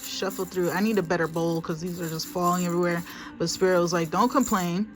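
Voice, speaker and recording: A woman's voice: lowish voice, little pitch movement, quick pace, faint music behind. Chatty woman giving a spiritual reading. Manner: chatty, repetitive, emphatic, often addresses viewers as honey. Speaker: spiritual reader. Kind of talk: casual spiritual reading to camera. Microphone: phone.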